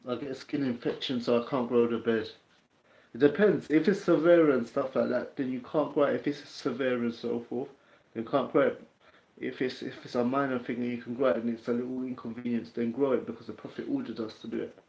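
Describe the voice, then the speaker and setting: A London-accented man from England runs a casual livestream, his mid-range, slightly mellow voice fairly quick with fairly even intonation. He talks in a streetwise manner and answers viewers' comments over roomy, dull lo-fi audio.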